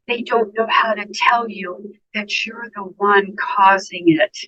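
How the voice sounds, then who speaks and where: A woman's voice: mid-range voice, steady tone, measured pace, fairly bright tone, highs cut off. A woman nurse, a guest on a podcast interview, giving earnest, emphatic advice and speaking directly to listeners. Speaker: guest nurse and dementia care educator.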